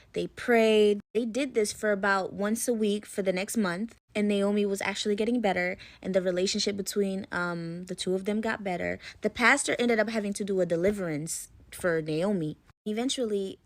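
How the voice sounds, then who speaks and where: A young woman casually telling a story to her viewers, chatty and full of fillers, sometimes dropping to a hush. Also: mid-range voice, no echo. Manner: chatty, lots of "like" and "you know", drops into hushed tones. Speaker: storyteller in a short clip.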